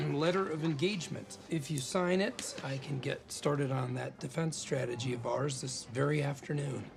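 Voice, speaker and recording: An actor playing a sarcastic, fast-talking, struggling male lawyer in a TV drama clip. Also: on the high side, fairly even intonation, gravelly. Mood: persuasive. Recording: film clip with ambient noise.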